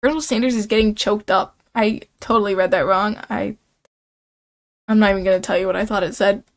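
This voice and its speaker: A woman's voice: medium pitch, fairly even intonation, a little fast. A woman streaming a game, reading its lines and reacting in a casual, self-mocking way. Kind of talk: game commentary reading dialogue.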